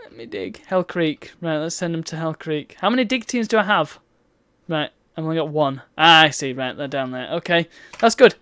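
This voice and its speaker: A woman's voice: deep voice, moderate pace, fairly bright tone, clear, resonant tone, no echo. A woman chatting through a live game stream, with exasperated outbursts at the game. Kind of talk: live gameplay commentary.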